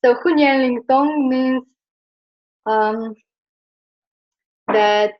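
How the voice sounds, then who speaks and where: A woman's voice: sits high, extremely slow. A young woman from Slovenia teaching Chinese pronunciation in a classroom, explaining hesitantly with many fillers. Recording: dull lo-fi classroom recording.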